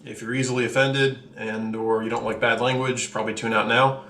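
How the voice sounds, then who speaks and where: A man's voice: mid-range voice, little pitch movement, a little fast, fairly bright tone, a little hiss or hum. Blunt, slightly breathless man vlogging. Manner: candid, blunt, rambling with fillers. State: a little out of breath. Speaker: channel host reviewing watches. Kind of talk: casual vlog talk to camera. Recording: echoey room, faint ambience.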